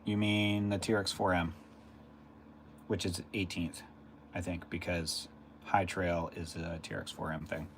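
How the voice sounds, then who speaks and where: On his live stream, a deep-voiced man rambles casually and responds to viewers in chat, speaking from a room at home with a faint hiss in the background. His tone stays level, and he takes his time, pausing often.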